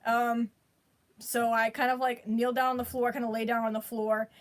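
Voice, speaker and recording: A woman's voice: a little high, level tone, normal speed. A woman vlogger telling a personal story in a rambling, slangy way, full of restarts and bursts of laughter. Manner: breaks into laughter while telling it. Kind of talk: casual storytelling.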